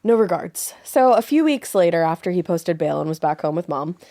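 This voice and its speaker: A woman's voice: lowish voice, animated, fairly quick, dark tone, no room sound, studio quality. A woman co-hosting a true-crime podcast, chatting casually and swearing with a wry edge. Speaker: podcast co-host.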